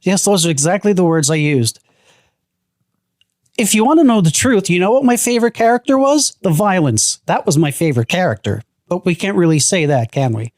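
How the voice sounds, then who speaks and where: A man's voice: sits high, expressive, fairly quick, a little mellow, no room sound, clean studio sound. A man co-hosting a horror podcast, talking in a laid-back, wry way. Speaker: podcast co-host. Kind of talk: casual chat.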